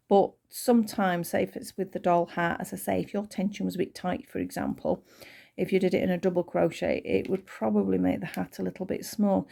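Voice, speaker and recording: Teaching a crochet project, a woman from the North of England talks in a chatty, wandering way, peppering her asides with filler words. Her medium-pitched voice is creaky and dark, showing signs of fatigue, and she has a Northern English accent.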